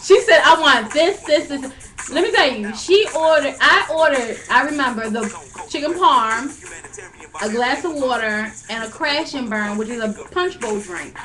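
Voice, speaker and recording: A young woman telling a long story in casual chat, animated and profane, laughing often. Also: high-pitched, moderate pace, noisy background.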